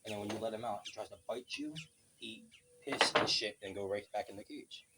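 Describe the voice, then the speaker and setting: Outdoors beside a road, a male vlogger launches into a casual rant, telling his stories bluntly and cursing constantly. His voice sits on the low side and moves a little fast, with heavy background noise.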